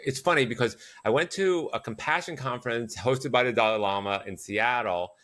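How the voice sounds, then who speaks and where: A male psychotherapist and author, a guest in an interview, who speaks haltingly and restarts often. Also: medium pitch, fairly bright tone. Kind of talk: conversational interview answers.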